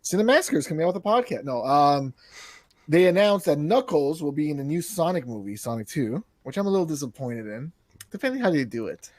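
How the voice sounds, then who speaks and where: Man, podcast co-host, casual rambling chat, swears a lot, animated slightly high voice, dry close mic. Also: fairly quick, dry recording. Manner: rambling, swears casually, laughs at own jokes.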